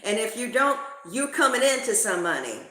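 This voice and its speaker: A woman's voice: a little high, big pitch swings, moderate pace, pushed and bright. A woman reading tarot cards in a casual, slangy, profane way. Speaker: tarot reader. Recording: roomy echo.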